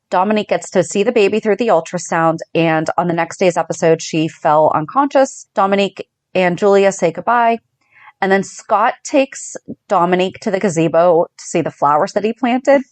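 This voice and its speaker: Recapping a soap opera in casual podcast chat, this thirtysomething co-host from the Northeastern US races through the plot, performing the quotes and laughing frequently. Her mid-range voice is a little mellow, recorded without echo.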